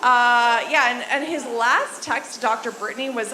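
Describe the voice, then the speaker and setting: A woman's voice: a little high, normal speed. A young woman performing a stand-up comedy set in a club, telling a dating story in a chatty, conversational way and talking with the crowd. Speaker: stand-up comic. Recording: echoey club room with faint noise.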